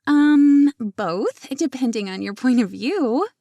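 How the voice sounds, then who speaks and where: A chatty, teasing young woman bursting with gossip, as a woman narrator voices her. The voice sits a little higher and brighter than the narration, bouncing with excitement. Her tone stays warm and mellow underneath. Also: takes it slowly, dry recording, clean studio sound, exaggerated voice. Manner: teasing, bubbly, raised pitch.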